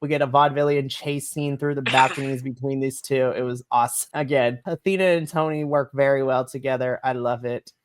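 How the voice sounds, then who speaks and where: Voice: medium pitch, fairly quick, few pauses. Chatty podcast co-host reviewing wrestling. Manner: animated, laughs often, trails off mid-sentence. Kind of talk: casual wrestling review chat.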